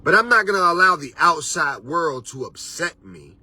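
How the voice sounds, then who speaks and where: A man's voice: fairly high pitch, expressive, normal speed, bright, forceful tone, a little hiss or hum. A man hosting a motivational talk as a life coach, preachy and casual, with street slang and repeated "you understand".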